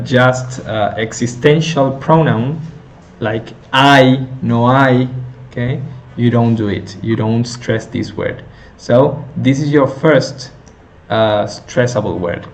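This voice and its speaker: A male teacher slowly explaining a lesson step by step, with many fillers and self-corrections. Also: mid-range voice. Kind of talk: recorded lecture on intonation.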